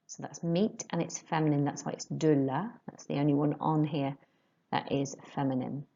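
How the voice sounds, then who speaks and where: A woman teaching a language lesson, saying words slowly and clearly for students to repeat. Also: deep voice, fairly even intonation, mellow, muffled recording. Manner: slow, clear modelling of words for repetition. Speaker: French teacher.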